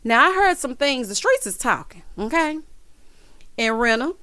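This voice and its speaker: A woman's voice: high-pitched, big pitch swings, normal speed, sharp tone, dry recording. A woman giving a gossipy recap of a reality TV episode, sassy and dramatic, calling viewers "honey" and "child". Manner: dramatic, teasing emphasis.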